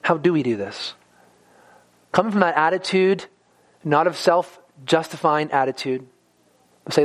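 Earnest high-voiced male preacher. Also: unhurried, pauses often. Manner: earnest, stumbles and repeats words. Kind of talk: sermon.

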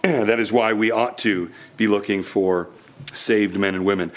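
A man's voice: on the low side, fairly even intonation, measured pace. Earnest young man preaching a sermon. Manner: personal storytelling, earnest, with many restarts.

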